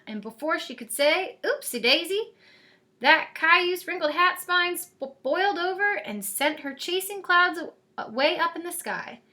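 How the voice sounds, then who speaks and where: A woman reading a picture book aloud in a lively, expressive way. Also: high-pitched. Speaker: storyteller. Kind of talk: storybook read-aloud.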